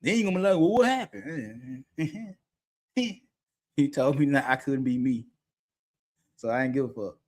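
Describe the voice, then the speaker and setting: A man's voice: medium pitch, lively intonation, a little slow, long pauses, a little mellow. A middle-aged man talking candidly as a podcast co-host, blunt and profane, often laughing mid-sentence. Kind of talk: candid unscripted talk.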